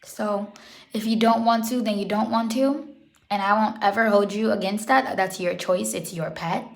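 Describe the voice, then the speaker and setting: A woman's voice: mid-range voice, fairly even intonation, moderate pace, creaky. A young woman talking casually in a vlog, earnest and rambling, correcting herself as she goes, emotional and holding back tears. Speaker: pet vlogger.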